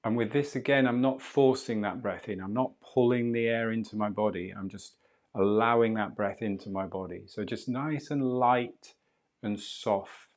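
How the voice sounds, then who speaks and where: Soft-spoken man guiding slow breathing. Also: on the low side. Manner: slow, soft and calm guidance. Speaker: breathwork instructor. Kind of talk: guided breathing session.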